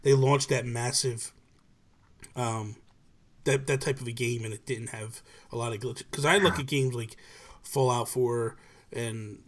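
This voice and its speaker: A man hosting a podcast, chatting casually and animatedly with slangy asides and phrases that trail off softly. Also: mid-range voice, fairly even intonation, unhurried. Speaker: podcast host. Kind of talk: casual chat.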